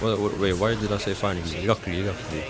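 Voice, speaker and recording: A young man giving casual, slangy commentary over his gameplay, jumping from excited outbursts to low mumbles. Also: quick pace, crowd noise. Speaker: gaming streamer.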